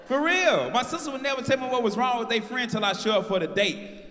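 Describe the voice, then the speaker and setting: A man in his forties doing brash live stand-up with crowd work, shouting out his punchlines. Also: very high voice, animated, brisk. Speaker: stand-up comedian. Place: large live venue on stage. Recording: live house mix with long hall reverb.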